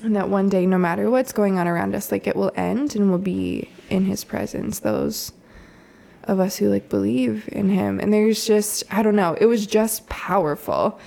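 A woman in her thirties, a mother telling a story in a relaxed, chatty way, full of "like" and soft laughs. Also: mid-range voice, moderate pace, creaky. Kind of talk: casual storytelling chat.

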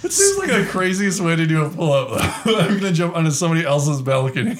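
Man, podcast co-host, slightly high, lively pitch, playful. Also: quick pace. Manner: playful, laughs while talking. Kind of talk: casual chat.

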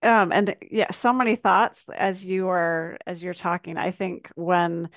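A woman hosting a podcast, speaking in a thoughtful, soft and unhurried way. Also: lowish voice, level tone, no echo, studio quality. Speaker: podcast host. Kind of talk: reflective podcast conversation.

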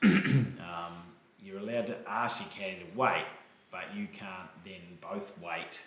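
A man's voice: low-pitched, takes it slowly, a bit bright, echoey room, a little hiss or hum. A man co-hosting a podcast in casual chat, mostly adding short agreeing interjections. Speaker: podcast co-host.

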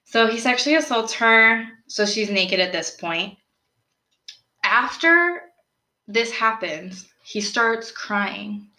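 A young woman hosting a podcast, telling a true-crime story in a casual, animated way, full of "like" and questions put to her co-host. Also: a little high, takes it slowly. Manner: chatty, animated, lots of "like" and rhetorical questions. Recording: roomy echo.

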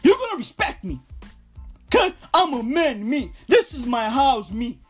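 A blustering, macho talking flag demands respect, as a woman acts it out. The voice is husky and high, and it jumps up and down a lot. Faint music plays underneath. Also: sing-song, a little slow, heavily acted. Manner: blustering, insistent, repetitive.

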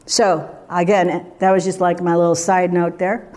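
A woman's voice: fairly low pitch, level tone, unhurried, darkish tone. A woman preaching a sermon in a conversational, emphatic way, full of rhetorical questions.

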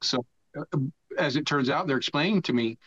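A man's voice: a little high, brisk, a bit bright, no room sound. An older man from the United States, a podcast guest, telling a rambling, profane story in casual talk and laughing as he goes. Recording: dull lo-fi dry sound.

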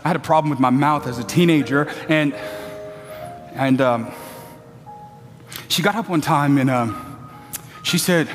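A man preaching a sermon, building to shouted peaks and throwing in playful asides to the congregation. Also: fairly high pitch, unhurried, pauses often, big-room sound, soft background music.

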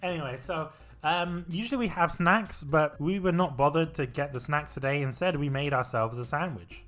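A man's voice: fairly high pitch, normal speed, fairly bright tone. A man co-hosting a podcast, chatting casually and bantering with his co-host. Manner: upbeat sponsor read, then laid-back banter.

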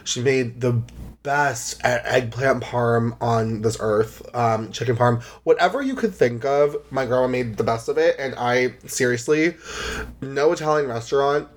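A young man talking on his own podcast, loose and rambling, full of "like" and side remarks. His voice sits at an ordinary middle pitch, and now and then he sounds close to tears. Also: a little slow. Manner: chatty, rambling, heavy use of "like". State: emotional, near tears. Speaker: podcast host. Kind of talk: casual solo podcast chat.

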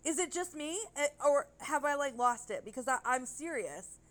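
A woman's voice: sits high, animated, normal speed, fairly bright tone. A woman co-hosting a casual podcast chat, rambling and gushing, with casual swearing. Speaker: podcast co-host.

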